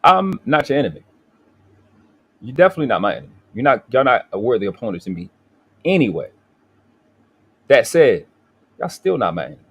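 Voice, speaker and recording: A man hosting a live stream, ranting angrily with profanity and frequent restarts. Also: mid-range voice. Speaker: livestream host. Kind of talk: heated livestream talk.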